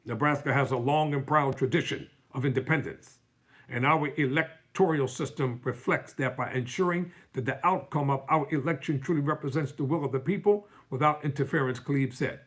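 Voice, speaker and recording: A man with a husky, slightly rough voice hosts a live show, reading the news aloud in a mid-range pitch. He keeps interrupting the article with fiery, sarcastic remarks. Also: normal speed, fairly bright tone. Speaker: live-stream host.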